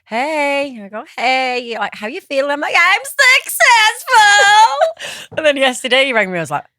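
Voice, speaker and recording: A woman co-hosting a podcast who tells her stories with lively, swooping pitch and acts out both sides of conversations. Her voice is bright and clear, recorded close and dry in a studio. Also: very fast, no room sound. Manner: animated storytelling, acts out conversations. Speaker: podcast co-host. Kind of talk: casual podcast chat.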